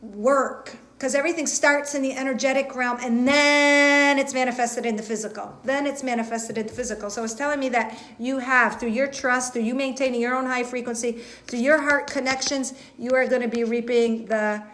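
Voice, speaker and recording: Woman host, slightly high voice, earnest and halting, live spiritual reading to viewers. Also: steady tone, a bit bright. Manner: earnest, repetitive, halting with fillers and restarts. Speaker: intuitive reader and host.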